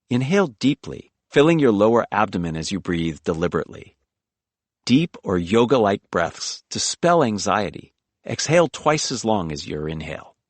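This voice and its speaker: A man's voice: fairly low pitch, no echo. A man reading a self-help audiobook, coaching the listener through speaking exercises in an instructive tone. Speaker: audiobook narrator. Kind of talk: scripted audiobook narration.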